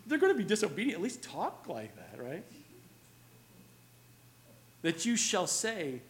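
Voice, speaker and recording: A man's voice: high-pitched, wildly swooping pitch, measured pace, long pauses. A man preaching a sermon as pastor, earnest and building to emphatic exhortation, now and then mimicking children's questions. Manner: acts out children's whiny questions.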